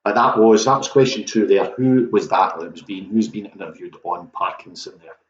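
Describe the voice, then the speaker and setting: A man's voice: low-pitched, fairly even intonation, moderate pace, roomy sound, lo-fi sound, a little hiss or hum. A man hosting an online pub quiz, chatty and self-mocking, talking straight to the viewers.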